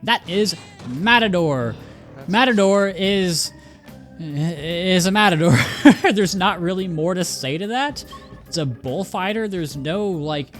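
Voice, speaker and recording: Chatty rambling gamer guy over game music. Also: fairly high pitch. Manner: chatty, rambling, self-interrupting, laughs easily. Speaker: let's-play gamer. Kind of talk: casual game commentary.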